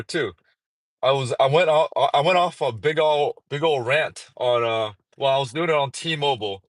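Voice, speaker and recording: A man chatting casually on a livestream while out at a mall, rambling, joking and swearing freely. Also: dry recording. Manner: rambling, playful, swears freely, sudden singing and high-pitched bits. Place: outdoors at a mall parking area.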